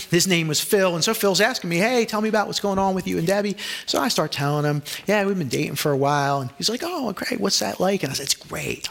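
A man's voice: a little high, fairly bright tone. A middle-aged male pastor preaching a sermon, telling personal stories and acting out the voices of the people in them. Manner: storytelling, acts out quoted voices.

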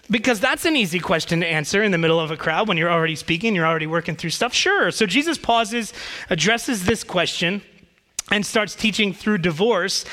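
A male pastor preaching in a relaxed, joking, conversational manner. His voice sits high and sounds bright and lively in tone. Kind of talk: sermon.

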